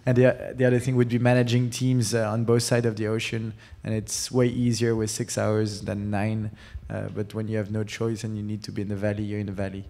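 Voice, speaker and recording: A man moderating a panel, speaking in a measured, matter-of-fact way. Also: lowish voice, level tone, vocal fry, mellow. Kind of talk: panel discussion.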